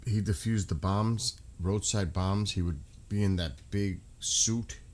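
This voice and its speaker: A middle-aged man streaming live, talking in a halting, emotional way with many restarts. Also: on the low side, steady tone. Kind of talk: casual live-stream talk.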